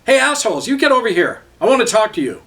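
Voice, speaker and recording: A man's voice: fairly high pitch, animated, fairly quick, lightly acted. A man voicing an aged Cree street elder who speaks bluntly and matter-of-factly, heard from a distant mic. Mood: yelling angrily.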